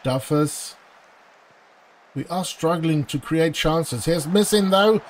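A gaming channel host talks through his football management game in a let's play, slowly, in a voice on the high side with slight background noise. He's anxious, pleading with his side, groaning when they miss and erupting in frustration.

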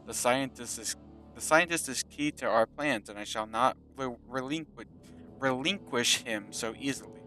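A man reading out the lines of a boastful, menacing male enemy general from a war game, slow and theatrical, over loud game music. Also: medium pitch, natural voice. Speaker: villain general read aloud by a gamer.

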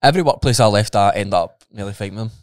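A Scottish man with a fairly low, smooth, clear voice talks bluntly and casually on a podcast, swearing freely. The sound is dry and close to the mic. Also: fast talker, a little mellow, dry recording. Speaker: podcast guest.

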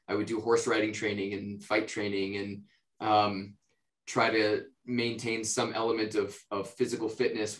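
A man from the United States, an actor, answering interview questions in a relaxed, rambling way, with lots of fillers and restarts. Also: on the low side. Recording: roomy echo.

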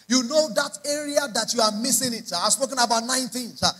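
A man's voice: extremely high pitch, quick pace, hardly any pauses, bright, forceful tone, low-quality recording. A man preaching a sermon, emphatic and repeating lines in rising prayer chants. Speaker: pastor.

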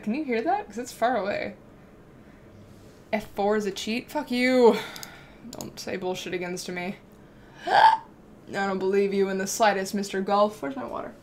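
A woman's voice: mid-range voice, slight background noise. A young woman live-streaming a game, chatting casually, swearing freely and bantering with her chat. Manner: excitable, swears freely, talks back to chat.

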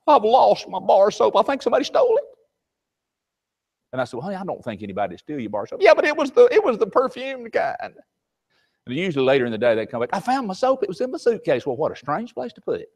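Animated older preacher. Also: male voice, fairly high pitch. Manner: animated storytelling, acts out voices in anecdotes. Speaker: preacher teaching a Sunday class. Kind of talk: folksy Bible class sermon.

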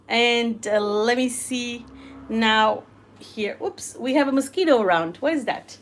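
A woman's voice: fairly high pitch, measured pace, echoey room. Bubbly woman hosting a live cooking stream. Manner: bubbly, greets viewers warmly. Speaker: cooking channel host. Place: home kitchen. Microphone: phone.

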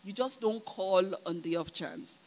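A woman's voice: medium pitch, a little slow. A Nigerian woman preacher telling a story in a sermon, emphatic and full of "you know," asking her listeners whether they are listening. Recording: long hall reverb, faint hum.

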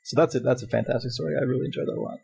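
A man hosting a casual talk podcast, reading emails aloud and riffing on them. His voice is gravelly and a little husky, and he talks at a quick clip, laughing often. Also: medium pitch, low-quality recording. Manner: fast-talking, animated, laughs often. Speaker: podcast host.

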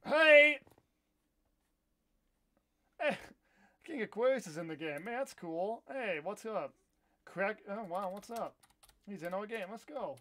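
Excitable American guy with a high voice. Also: moderate pace. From United States. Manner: rambling, self-correcting, excitable bursts. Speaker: live-stream gamer. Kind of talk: casual live-stream chat while gaming.

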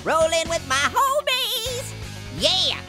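A man's voice: sing-song, takes it slowly, heavily acted. A man voicing a hyperactive, giggly male talking orange in a cartoon let's-play, squealing and joking through close calls. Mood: giddy. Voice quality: squeaky, high and nasal with constant giggles. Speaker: gaming channel host. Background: game music.

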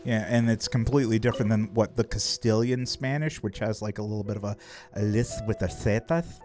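A man's voice: on the low side, steady tone, a little fast, over music. A man chatting casually on a live game stream, playful and joking, swearing freely. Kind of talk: casual live-stream chat while gaming.

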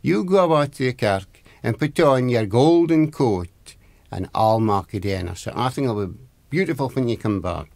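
A man with an Aberdeen Scottish accent voicing a small male fairy who works magic and chants spells in a low voice. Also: lively intonation, normal speed, creaky, darkish tone, dry recording. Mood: coaxing.

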